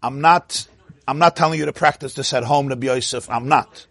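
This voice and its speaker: A man teaching a lively Torah class, asking his listeners questions and acting out the people in his stories. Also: medium pitch, a little fast. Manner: animated, asks the audience "huh?" and acts out quotes. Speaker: rabbi.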